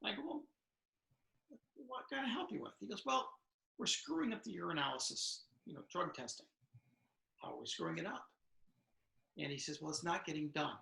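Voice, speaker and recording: A man's voice: high-pitched, expressive, moderate pace, creaky, pauses often, pushed and bright. A middle-aged man, a retired prison officer and author, answering questions in an interview. He tells his stories in a chatty way, acting out the dialogue and restarting his sentences often. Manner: storytelling, acts out dialogue, many restarts. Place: home room over video call. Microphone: video call. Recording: echoey video call room.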